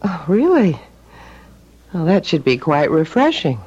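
A sarcastic, needling wife. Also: female voice, fairly low pitch, very animated, unhurried, very noisy. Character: sharp-tongued, sarcastic middle-aged businessman's wife. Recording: dull old radio drama recording with music.

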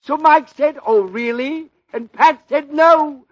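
A man's voice: very high-pitched, takes it slowly, fairly bright tone, no echo, exaggerated voice. An actor playing a pompous male comedian who tells stale puns, in 1940s radio comedy acting. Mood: smug. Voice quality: pompous, punning delivery. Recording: dull old radio broadcast with hiss.

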